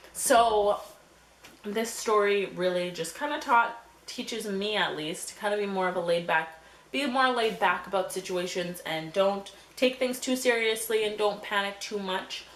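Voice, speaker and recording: A young woman telling a story on her vlog in a scattered, animated way, filled with fillers and acted-out quotes. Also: mid-range voice. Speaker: vlogger. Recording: echoey room with faint hum.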